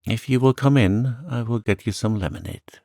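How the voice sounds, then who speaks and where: A man's voice: medium pitch, moderate pace, a little mellow, dry recording, clean studio sound, voice pushed up, natural voice. A man voicing a lonely, sweet little old lady who talks in a chirpy, eager, fluttery way.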